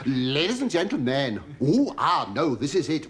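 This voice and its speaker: A middle-aged man doing stand-up patter to a studio audience, halting and stammering, with sudden high squeals. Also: sing-song, crowd noise. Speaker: comedian and sitcom star. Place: television studio before a live audience. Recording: loud studio audience laughter and noise.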